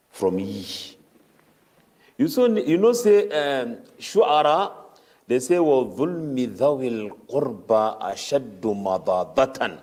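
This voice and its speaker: Cameroonian Pidgin-speaking male preacher, lowish voice. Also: a little mellow. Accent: Cameroonian Pidgin English. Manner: chants Arabic verses quickly between Pidgin explanation. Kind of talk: Ramadan tafseer sermon.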